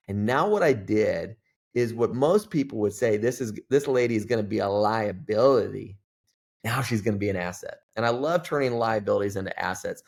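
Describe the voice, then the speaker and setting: A man's voice: lowish voice, gravelly. A middle-aged man, a pastor, telling a story as a podcast guest and acting out the dialogue in it. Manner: animated storyteller who acts out dialogue.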